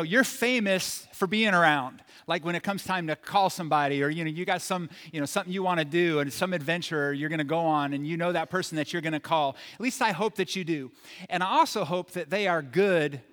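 A man's voice: high-pitched, bright, forceful tone. A man preaching a sermon as pastor, conversational and joking, pressing his points with emphasis. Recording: long hall reverb.

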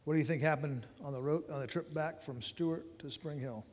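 Talking directly to the congregation, this middle-aged man recounts his own testimony in a relaxed, sermon-like way. He sounds brisk and on the high side, with a darkish, slightly rough tone. Long hall reverb surrounds the recording.

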